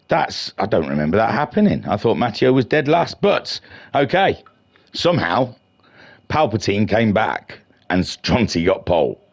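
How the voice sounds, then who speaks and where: A man's voice: lowish voice, vocal fry. A middle-aged man hosting a racing league stream in a chatty, self-mocking, slightly flustered way. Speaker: league race stream host. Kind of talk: casual live-stream race commentary.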